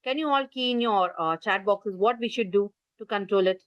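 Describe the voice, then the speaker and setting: A woman with an Indian English accent and a mid-range voice gives an online parenting class via video call at a normal speed. She gestures while explaining and asks listeners to type in the chat. The audio is dry, muffled, and lo-fi.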